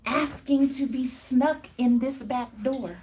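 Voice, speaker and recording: A woman's voice: high-pitched, slow, a little mellow, slight background noise. A woman hair stylist talking casually and emphatically to viewers on a livestream, with sassy, colloquial asides and chuckles. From Denver, Colorado. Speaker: hair stylist and brand owner.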